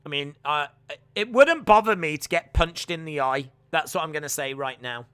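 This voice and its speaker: A young man hosting a live watch-along stream, rambling chattily with viewers and calling the action in excited play-by-play. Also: fairly high pitch, normal speed, clean tone, dry recording.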